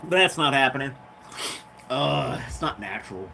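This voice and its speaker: A man's voice: mid-range voice, animated, moderate pace, creaky, pushed and bright, slight background noise. A tired man with a nasal voice, hosting a casual livestream chat from a love seat at home and rambling through his thoughts into his phone. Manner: rambling, musing aloud. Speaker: channel host. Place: living room at home, seated on a love seat.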